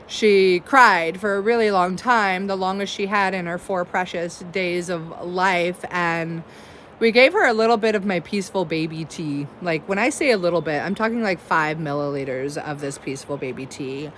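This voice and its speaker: A woman's voice: on the low side, moderate pace, a bit bright, a little hiss or hum. A woman in her thirties, hosting as an herbalist, chatting casually and effusively, with many "like"s and "um"s. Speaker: herbalist host. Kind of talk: casual livestream chat.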